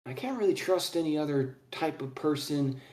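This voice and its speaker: A man voicing a dim-witted male orc bodyguard who is blunt and gruff. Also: on the high side, animated, moderate pace, darkish tone, reverberant, natural voice. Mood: worried.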